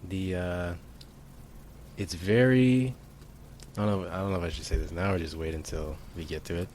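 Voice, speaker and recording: A man's voice: low voice, fairly even intonation, moderate pace, darkish tone, a little hiss or hum. A young man co-hosting a casual podcast chat, laid-back and teasing, sometimes hesitant. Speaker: podcast co-host.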